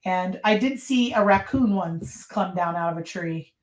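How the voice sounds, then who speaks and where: A woman being interviewed on a podcast, telling her stories in a lively way and acting out what people said, often with a laugh. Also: lowish voice, unhurried, echoey room, a little hiss or hum, low-quality recording. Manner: lively storyteller who acts out quotes and laughs often. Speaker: podcast guest. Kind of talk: casual interview storytelling.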